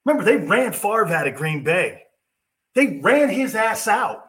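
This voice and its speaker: This sports talk host, a middle-aged man, mocks quarterbacks in a brash, opinionated rant and puts on whiny impressions. He speaks a little slowly in a high, sing-song voice with a fairly bright tone.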